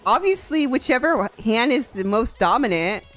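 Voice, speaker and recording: A young woman streamer chats casually on a live stream, laughing often and swearing freely. Her fairly high voice swings up and down a lot. Faint music plays underneath. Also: animated, moderate pace, fairly bright tone.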